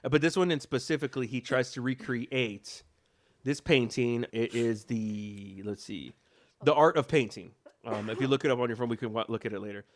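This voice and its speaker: A young man chats loosely as a podcast host, joking and doubling back on himself. His pitch sits right in the middle for a man. He talks at an easygoing pace. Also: moderate pace. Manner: rambling, joking, self-correcting. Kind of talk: casual chat. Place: home.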